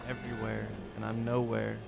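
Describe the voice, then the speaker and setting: A man's voice: lowish voice, completely flat delivery, a little fast, creaky, over music. A young man rambling through a let's play, self-mocking and swearing as he gets lost. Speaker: gaming YouTuber. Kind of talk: casual let's play commentary.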